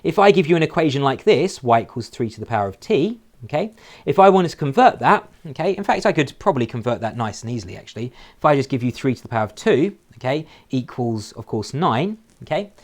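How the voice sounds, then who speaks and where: Lively man explaining maths, "okay?" after every point. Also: medium pitch. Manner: explanatory, tags nearly every sentence with "okay?"; lively, shifting emphasis, slows down to spell out key phrases. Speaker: maths teacher. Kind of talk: recorded maths lesson.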